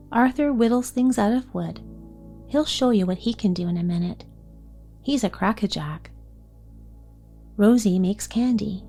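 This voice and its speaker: A woman's voice: mid-range voice, natural voice. A woman voicing a shy, businesslike young boy in a bedtime story reading. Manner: quiet, matter-of-fact explaining.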